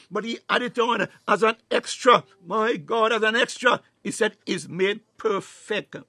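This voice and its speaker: A man preaching a fervent sermon, filling every pause with "my God" and "hallelujah" and sometimes breaking into tongues and shouts. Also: high voice, no room sound, studio quality. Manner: bursts into tongues, rising to shouts.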